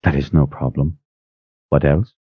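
A man voicing a stern, ruthless older woman who threatens in a cold, low voice. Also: steady tone, measured pace, husky, no echo, full character voice. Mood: cool. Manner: cold, menacing, low hiss. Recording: slightly muffled dry recording.

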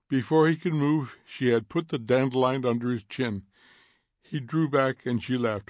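A man narrating a story aloud in a steady, measured reading. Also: medium pitch, no room sound, clean studio sound. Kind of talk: audiobook reading.

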